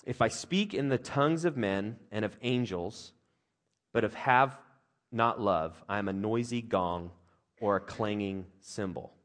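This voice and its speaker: In a lowish voice and at a slightly slow pace, a pastor with young kids gives a jokey, animated sermon in a conversational style. He imitates others with playful put-on voices.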